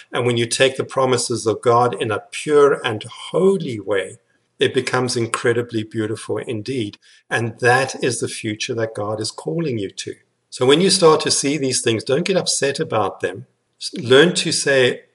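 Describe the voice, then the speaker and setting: A man's voice: mid-range voice, fairly bright tone. A male preacher delivers a sermon in an earnest, urgent way. His voice sits in a middle register, and he leans on repeated words to drive his points home. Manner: earnest, repetitive emphatic phrasing.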